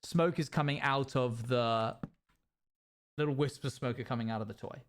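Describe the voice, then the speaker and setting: Animated man telling stories. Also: medium pitch, normal speed. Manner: rambling, animated, sound-effect noises. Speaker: streamer. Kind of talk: casual storytelling while gaming.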